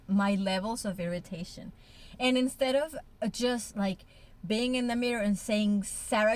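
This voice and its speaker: A woman in a candid couple conversation, talking frankly and emotionally, with blunt swearing. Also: fairly high pitch. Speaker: co-host.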